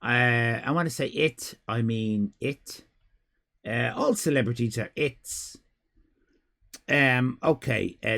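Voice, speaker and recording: Male streamer, gravelly, rambling and self-interrupting, mid pitch. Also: slow, a bit bright. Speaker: livestream host. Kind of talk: casual live-stream chat. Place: home room with cats.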